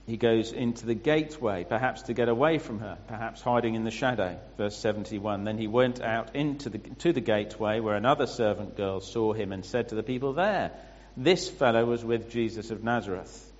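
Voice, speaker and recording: A man preaching a sermon, explaining scripture with pauses and restarts. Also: lowish voice. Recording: muffled sound with long hall reverb.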